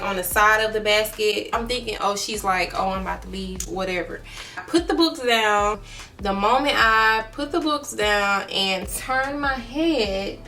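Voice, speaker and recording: A young woman vlogger from Mobile, Alabama tells an emotional storytime, speaking directly to her viewers and calling them "y'all." Her medium-pitched voice has a sharp tone, recorded from a distance with slight background noise, and her retelling is earnest.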